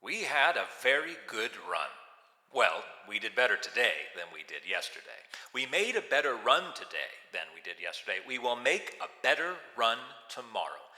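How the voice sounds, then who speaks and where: A man's voice: mid-range voice, big pitch swings, moderate pace, pushed and bright. A man playing a dictatorial, boastful shipping magnate, with an American accent and an assertive, commanding manner. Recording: roomy echo with long reverb.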